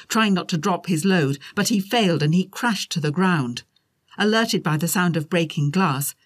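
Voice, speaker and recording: A woman reading a children's audiobook in a measured, expressive narrating style. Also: low-pitched.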